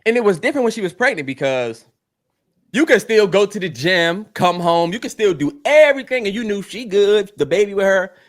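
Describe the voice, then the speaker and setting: A man co-hosting a podcast in casual chat, animated and heartfelt, swearing freely and getting teary. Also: sits high, a little fast. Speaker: podcast co-host.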